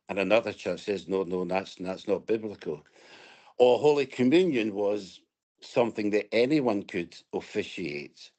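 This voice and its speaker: A Scottish man, appearing as an interview guest, tells his personal story in a reflective, storytelling way, restarting hesitantly at times. His voice is on the low side.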